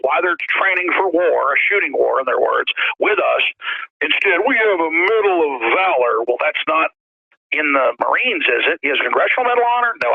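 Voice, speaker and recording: A man's voice: fairly high pitch, gravelly, breathy edge, no echo. A man hosting a talk radio show, ranting in an emphatic, repetitive way with stammered restarts. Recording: dry, tinny phone-like sound.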